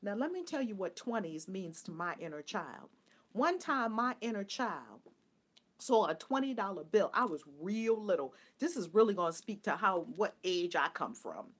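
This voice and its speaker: A woman giving a live spiritual talk who tells animated stories, laughs often and sometimes drops to a soft whisper. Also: medium pitch, normal speed, husky. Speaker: spiritual teacher.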